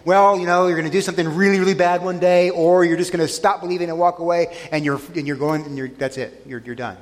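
A middle-aged man preaching a sermon to a congregation, earnest, often dropping soft and low on key lines. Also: fairly even intonation, quick pace, hardly any pauses. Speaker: pastor. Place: church sanctuary. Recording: long church hall reverb.

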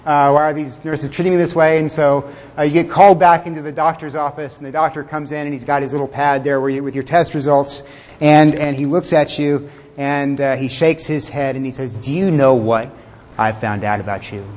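A man preaching a sermon in a conversational way, with fillers, chuckles and slowed words for emphasis. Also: fairly high pitch, flat delivery, a little mellow, long reverb tail. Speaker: pastor.

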